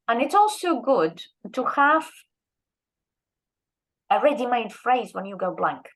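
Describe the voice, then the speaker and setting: Animated woman telling teaching stories. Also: fairly high pitch, low-quality recording. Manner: lively storyteller who acts out quoted speech. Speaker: guest lecturer and Russian teacher. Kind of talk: anecdotal workshop talk.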